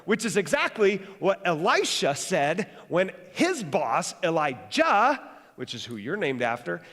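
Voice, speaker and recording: Male preacher, quick conversational sermon, lively jokes, long reverb from a big church hall. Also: high voice. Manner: fast-talking, rising to animated bursts; joking, conversational. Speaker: pastor.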